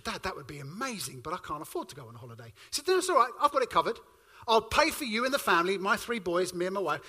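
Uk preacher guy, high and very bright voice, animated storytelling, acts out all the dialogue. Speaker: pastor. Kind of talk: sermon with personal story.

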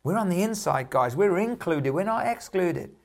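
A man's voice: high-pitched, expressive, moderate pace. A middle-aged man preaching a sermon, telling stories and repeating affirmations. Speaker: pastor.

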